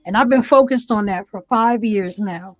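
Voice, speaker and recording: A woman's voice: medium pitch, moderate pace, no room sound, low-quality recording. An earnest woman tells her own testimony in a preacherly way, circling back to her key phrases. Her voice sits in a middle register. The sound is close and dry, from a small room at home. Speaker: guest. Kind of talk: testimony interview.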